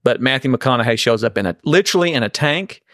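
A man's voice: mid-range voice, animated, quick pace, a bit bright, dry recording, clean studio sound. A man co-hosting a podcast in casual chat, rambling and restarting as he lays out a theory. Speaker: podcast co-host.

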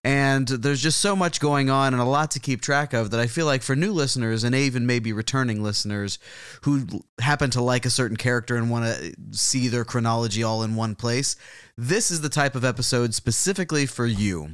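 A man's voice: mid-range voice, a little fast, fairly bright tone, clean tone, no echo, clean studio sound. A man co-hosting a podcast, introducing the episode in a casual, rambling way, chuckling and thinking aloud. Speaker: podcast co-host.

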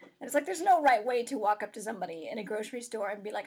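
Breathy woman guest, chatty, rambling, laughs easily. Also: on the high side, animated, quick pace. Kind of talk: casual chat.

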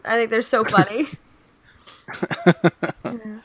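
Hosting a relaxed comedy podcast, a young woman jokes around with plenty of laughs and fillers. Her voice is a little high and slightly rough, a bit bright, with little pitch movement and a slightly slow pace.

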